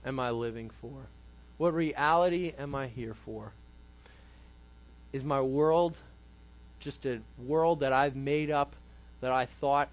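A man speaking to a youth group in a casual sermon style, conversational and full of rhetorical questions. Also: medium pitch.

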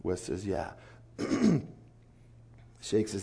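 A man preaching a sermon, telling a story with animated acted-out dialogue. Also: medium pitch, moderate pace, gravelly, breathy edge.

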